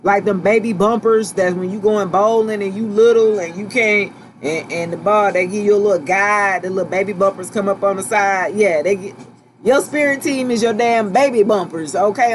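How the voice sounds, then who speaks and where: A woman giving a casual tarot reading to her viewers, relaxed and reassuring, often checking in with "okay?" and "right?" and repeating herself as she talks. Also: mid-range voice, normal speed, slight background noise. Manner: loose, chatty, repeats and restarts phrases. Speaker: tarot reader.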